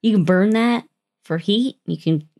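A woman's voice: medium pitch, unhurried, darkish tone. A young adult woman hosting a casual podcast, telling a spooky story in the second person with playful drama and the odd swear. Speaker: podcast host.

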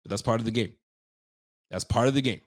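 Animated trash-talking sports show man. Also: medium pitch, brisk. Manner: animated, emphatic, ranting, trash-talking, often repeats himself. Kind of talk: casual sports talk show.

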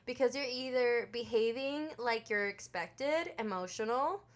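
A young woman co-hosting a casual chat, an expressive storyteller who laughs often. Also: fairly high pitch, unhurried. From Mexican heritage.

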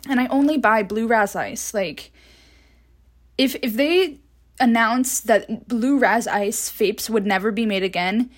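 A woman's voice: fairly high pitch, measured pace. A woman in her twenties hosting a podcast, rambling through casual stories with laughs and casual swearing, recorded on a phone. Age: 20s. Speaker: podcast host. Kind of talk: casual solo chat.

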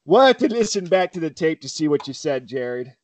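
A man's voice: a little high, sing-song, fairly quick, noisy background. A man hosting a casual podcast, teasing his co-hosts and laughing often as he steers toward the news. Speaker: podcast host leading the segments.

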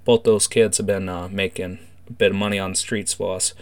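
A man doing a hushed, slangy gang informant. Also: low voice, steady tone, fairly quick. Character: shady male undercover gang member, secretive.

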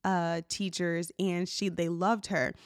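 A woman's voice: lowish voice, level tone, slow, no echo, studio quality. A woman hosting her own podcast in a casual, heartfelt solo talk, full of "like" and "you know". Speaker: podcast host.

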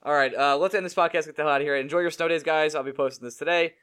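A young man hosting a casual sports podcast with a sarcastic, quick-fire manner. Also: a little high, steady tone, fairly bright tone, smooth. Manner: sarcastic, fast-talking. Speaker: podcast host.

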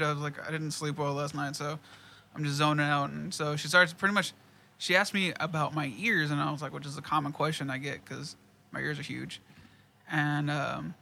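A man's voice: a little high, vocal fry, bright, forceful tone. A man, casually telling a profane work story with lots of quoted dialogue and laughter. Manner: laid-back, profane, laughs often, quotes people in dialogue.

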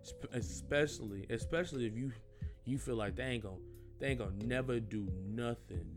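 A man's voice: mid-range voice, moderate pace, music in the background. A young man hosting a solo podcast, talking casually in an earnest, rambling way, full of slang and repeated phrases. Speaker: podcast host.

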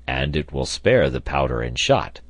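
A man voicing a calm, steady engineer who speaks in a measured, low tone. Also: no echo, exaggerated voice. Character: calm, steady male engineer, leader of castaways.

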